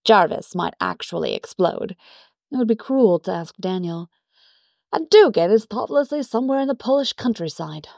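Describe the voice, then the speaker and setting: Woman story reader, measured, gravelly, dry close sound. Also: medium pitch, expressive, a little mellow, no room sound. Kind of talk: scripted narration.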